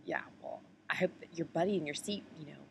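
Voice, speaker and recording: A woman's voice: deep voice, sing-song, fast, creaky, slight background noise, exaggerated voice. A woman mimicking a cranky, scolding woman of about fifty.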